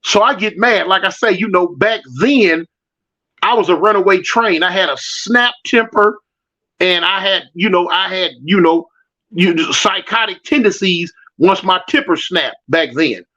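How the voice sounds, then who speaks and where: A man tells a street story in loose, slangy talk and acts out the voices of the people in it. His voice sits high for a man. The recording sounds muffled and lo-fi. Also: a little slow, bright, forceful tone. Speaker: storyteller answering live chat. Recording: dull lo-fi audio.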